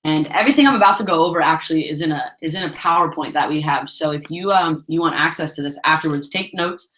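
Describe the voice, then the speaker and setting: A woman's voice: deep voice, quick pace, fairly bright tone, echoey room, low-quality recording. A woman giving a motivational sales training talk, urging her team on and repeating herself for emphasis. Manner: pep-talk, repeats herself, keeps saying "guys". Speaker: network marketing trainer.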